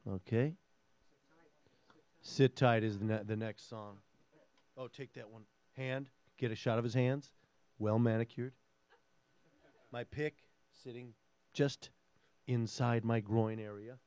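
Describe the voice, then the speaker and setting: Between songs in a garage studio, a man from Minnesota, USA, talks casually as a guest musician in his Minnesotan accent, rambling with self-deprecating jokes. He has a mid-range voice with a darkish tone, and a guitar can be heard behind him.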